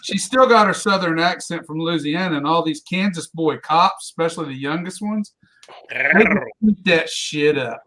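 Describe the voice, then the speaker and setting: A man's voice: on the high side, moderate pace, bright, forceful tone. A man joking and telling stories in casual chat, laughing through his lines.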